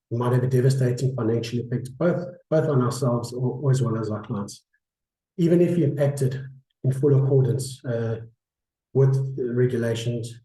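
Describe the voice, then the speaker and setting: A man, croaky with flu, presents to a webinar over a video call. His voice is very dark and mellow, with a roomy echo around it. He pauses often and restarts his sentences. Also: mid-range voice. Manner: hesitant, many fillers and restarts. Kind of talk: online business presentation.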